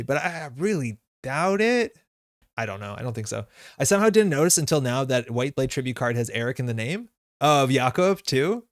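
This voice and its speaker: A man's voice: mid-range voice, no room sound, studio quality. A man from North America streaming a card game live, chatting casually with viewers in a rambling way, full of fillers and self-corrections.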